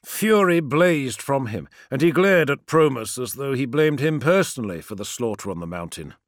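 A man narrates an audiobook in a dramatic, expressive way. His voice is gravelly and moves lively across its pitch range. The sound is dry and close, with no room echo. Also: normal speed. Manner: expressive storytelling.

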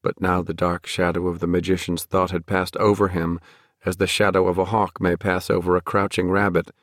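A man narrating a fantasy novel at a measured, steady pace. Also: deep voice, no room sound, clean studio sound. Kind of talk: audiobook narration.

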